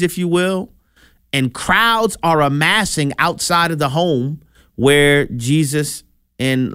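A man preaching a sermon, in a conversational style with animated asides. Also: on the high side, no echo, studio quality.

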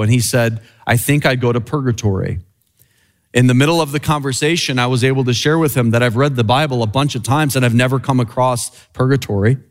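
A man preaching a sermon in an earnest way, rising and falling in pitch and slowing down on key phrases. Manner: earnest, swinging high and low for emphasis, slowing on key phrases.

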